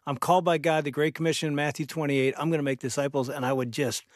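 Male pastor host, middle-aged, fairly high voice, dry close mic, affirming. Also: little pitch movement, fast, no echo. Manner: affirming, conversational. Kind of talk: faith podcast conversation.

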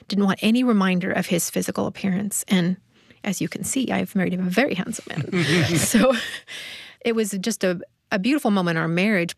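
A woman's voice: medium pitch, creaky, no room sound, clean studio sound. A woman who is a guest on a marriage talk show, telling a personal story candidly with some hesitation. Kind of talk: casual conversation.

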